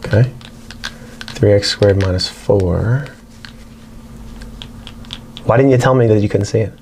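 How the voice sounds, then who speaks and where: A man's voice: on the low side, measured pace, gravelly, darkish tone, slight background noise. A man teaching a casual whiteboard math lesson, chatting as he works through problems. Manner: chatty, talks to his barking dog between problems.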